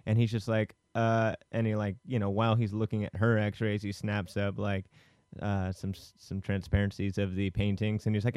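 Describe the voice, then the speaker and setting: A man's voice: lowish voice, monotone, moderate pace, few pauses, darkish tone, smooth, dry recording, studio quality. A man co-hosting a casual film podcast, retelling the plot in a rambling way with many fillers. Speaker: podcast co-host.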